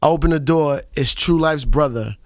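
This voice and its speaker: A man with a New York accent hosting a radio interview, telling animated stories and putting on loud voices for the people in them. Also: on the high side, moderate pace, no echo, studio quality. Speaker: radio host. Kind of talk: casual interview chat.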